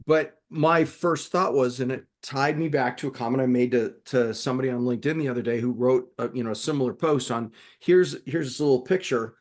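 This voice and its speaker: A man co-hosting a business podcast, talking in an animated, emphatic way with many restarts. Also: medium pitch. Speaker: podcast co-host. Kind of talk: conversational discussion.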